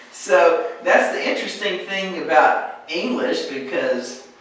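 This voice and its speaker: A woman's voice: on the low side, heavy reverb, distant mic, low-quality recording. An American woman teaching pronunciation, patiently modeling words and repeating them for her students. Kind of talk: pronunciation coaching.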